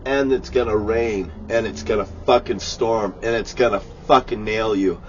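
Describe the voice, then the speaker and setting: Man, low-pitched, ranting with constant swearing, erratic and loud; dull lo-fi recording with faint traffic behind. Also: fairly even intonation, normal speed. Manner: profane, shouting, erratic. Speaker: vlogger. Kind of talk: angry religious rant.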